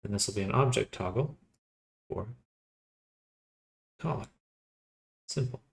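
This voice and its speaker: A sleepy man thinking aloud in a quiet, unhurried murmur while he works through a task on a livestream. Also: fairly low pitch, creaky, slight background noise. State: sleepy, yawning. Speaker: livestreamer building avatars.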